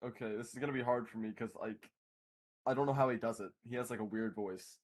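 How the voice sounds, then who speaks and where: A young man in casual group voice chat, self-deprecating and quick to laugh. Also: mid-range voice.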